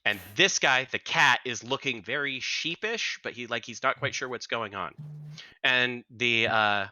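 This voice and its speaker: A man narrating as game master in an animated, descriptive way. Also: mid-range voice, a little slow, no echo.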